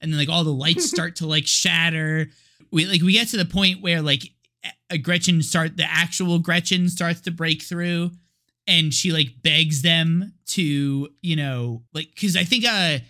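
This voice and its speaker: A man's voice: fairly high pitch, a little slow, pushed and bright. A man co-hosting a podcast, chatting casually about a movie, laughing often and talking with lots of filler words. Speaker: podcast co-host.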